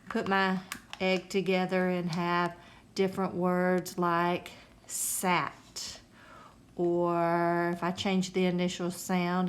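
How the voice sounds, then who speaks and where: A woman's voice: lowish voice, reverberant, a little hiss or hum. A woman teacher, patiently sounding out words in a phonics lesson for young kids.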